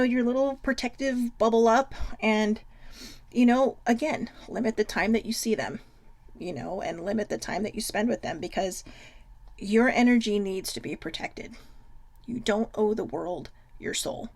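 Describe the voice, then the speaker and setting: A woman's voice: medium pitch, moderate pace, gravelly, darkish tone. A woman hosting a casual self-love livestream, chatty and frank, swearing freely. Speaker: host.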